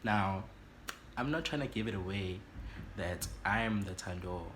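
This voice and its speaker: A South African man telling an animated, dramatic story for his vlog, switching languages. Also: low-pitched, unhurried, slight background noise. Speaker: YouTuber.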